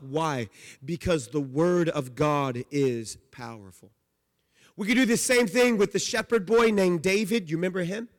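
A man preaching a sermon as pastor, emphatic, moving between loud declarations and quiet low phrases. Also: measured pace, long reverb tail.

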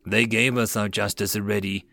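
A man's voice: on the low side, little pitch movement, normal speed, vocal fry, sharp tone. A man voicing an earnest, loyal male ex-slave who argues insistently.

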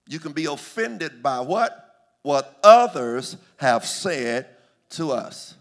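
A man preaching a sermon, calling out to the congregation and swinging from hushed asides to loud, drawn-out declarations. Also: on the high side, sing-song. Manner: call-and-response preaching, swings from hushed to shouting.

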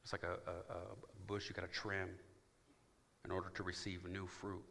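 Bright-voiced preaching pastor. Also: male voice, sits low, monotone, moderate pace, vocal fry. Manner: emphatic preaching with call-and-response to the congregation. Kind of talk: sermon. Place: church.

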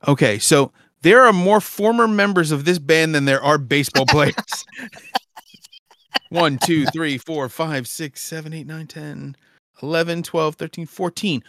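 Podcast co-host: bright, slightly high-voiced man, blunt and crude, dry close mic. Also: unhurried, no room sound. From Brooklyn. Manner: blunt, profane, laughs at his own jokes. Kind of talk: casual chat.

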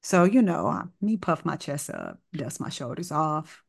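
A woman doctor telling a story in casual conversation, with informal wording and lively acted-out dialogue. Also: low-pitched, unhurried, creaky, slightly rough. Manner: animated, acts out dialogue in the story.

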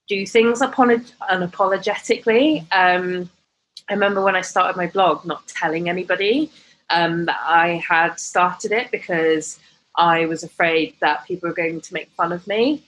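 A woman's voice: on the low side, a bit bright, a little hiss or hum, rough recording. A woman, a blogger telling her story candidly, chatty and full of "like" and "kind of". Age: 30s. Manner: chatty, lots of "like" and "kind of", acts out quoted voices. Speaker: blogger and guest.

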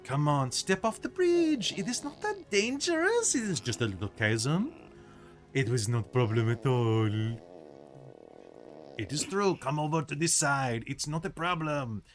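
A man's voice: on the high side, sing-song, a little slow, faint music behind. A man voicing mocking flaming skulls with a put-on French accent, taunting and sing-song. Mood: coaxing.

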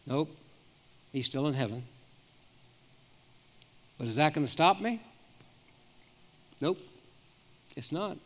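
A man's voice: fairly high pitch, expressive, takes it slowly, pauses often. A man in his seventies, a pastor telling personal stories in an earnest sermon, often restarting his sentences. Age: 70s. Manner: earnest storytelling with frequent restarts. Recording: long reverb of a large hall.

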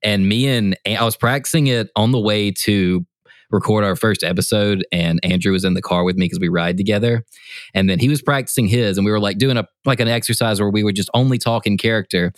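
A man's voice: on the low side, a little fast, no room sound, studio quality. A man on a casual podcast, giving a long, rambling, self-deprecating answer. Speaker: podcast co-host and player.

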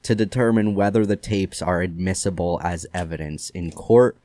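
Low-voiced man telling a true-crime story. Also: normal speed, dry recording. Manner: relaxed storyteller with many "like" fillers. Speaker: podcast host. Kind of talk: casual true-crime podcast chat.

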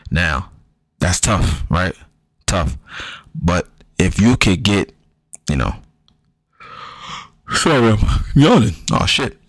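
A man's voice: low voice, fairly bright tone, no echo, poor audio. A man talking loosely and casually through fantasy football advice, slangy and repetitive, with frequent ums and the odd curse.

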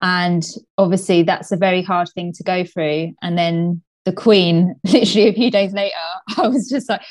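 A woman's voice: on the low side, steady tone, moderate pace. A woman co-hosting a casual chat podcast, emotional and laughing often as she talks. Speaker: podcast co-host.

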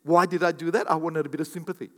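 High-voiced preaching pastor, hall echo. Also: male voice, very fast. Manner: animated, acts out quoted voices, repeats for emphasis. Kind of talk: sermon. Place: church hall.

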